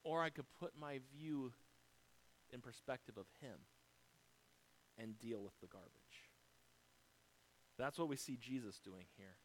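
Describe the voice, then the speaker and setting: An American man preaches from the pulpit in a middle-pitched voice. He lays out numbered points and talks straight to the congregation. His volume swings from forceful peaks down to soft, low phrases. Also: unhurried, pauses often, a little hiss or hum, rough recording. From United States. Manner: dynamic preaching, rising loud then dropping soft; speaks directly to congregation, lists numbered points. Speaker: pastor. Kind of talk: sermon.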